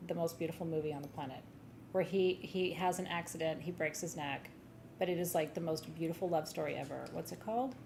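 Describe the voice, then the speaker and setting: A woman's voice: low voice, fairly quick, gravelly, darkish tone, a little hiss or hum. A woman hosting a live gem sale stream, chatting casually and gushing, sometimes swearing and laughing.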